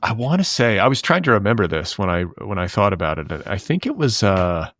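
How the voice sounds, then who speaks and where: A man in his fifties hosting a podcast, chatting casually in a rambling, relaxed way with lots of fillers. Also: on the low side, fairly quick, no echo, studio quality. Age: 50s. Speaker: podcast host. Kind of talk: casual chat.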